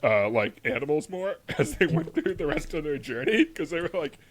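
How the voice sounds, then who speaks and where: A man co-hosts a casual history podcast at normal speed, his fairly high voice full of lively intonation. He rambles loosely through the story, says "like" constantly, and laughs often.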